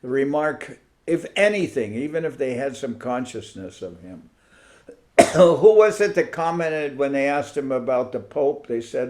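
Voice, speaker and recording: A man's voice: medium pitch, animated, a little slow, darkish tone. A man giving an informal spiritual talk over a video call, musing aloud and stopping to search for words and names. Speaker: spiritual teacher. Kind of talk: informal online talk to devotees.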